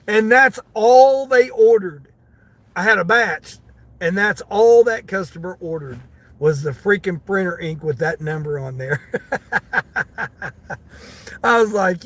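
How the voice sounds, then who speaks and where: A man's voice: sits high, lively intonation, measured pace, a bit bright. A middle-aged man, a delivery driver, telling a story to his viewers from his car, laughing often and talking to them by name. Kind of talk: casual storytelling while driving.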